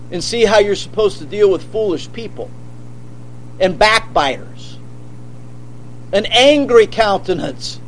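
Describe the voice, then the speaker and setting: A man preaching a sermon, forceful and emphatic, asking rhetorical questions. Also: high voice, rough recording. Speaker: pastor.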